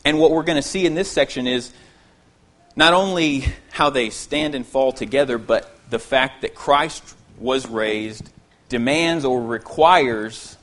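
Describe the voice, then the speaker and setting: Preaching an expository sermon to his congregation, a man with a mid-range voice is earnest and emphatic. He repeats key phrases and drops into quiet asides.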